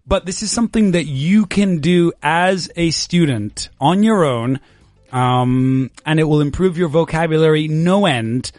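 A man's voice: on the high side, a little slow, a little mellow, no echo, faint music behind. A man teaching English vocabulary in a casual, playful lesson, encouraging his student and laughing often.

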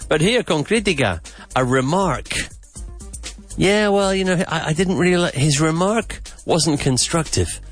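A man hosts a podcast vocabulary lesson, his voice sitting a little high and swinging widely in pitch. He repeats each word slowly and with emphasis. Faint music plays underneath. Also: lively intonation. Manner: slow, emphatic repetition of words. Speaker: English teacher and podcast host.

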